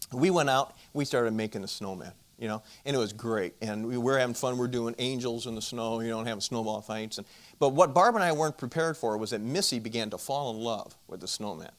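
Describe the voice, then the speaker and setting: Animated man telling a self-deprecating story. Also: medium pitch, fast talker. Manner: animated, self-deprecating, big swings from loud to hushed; addresses the audience directly with questions. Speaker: marriage conference speaker. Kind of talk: storytelling Christian talk.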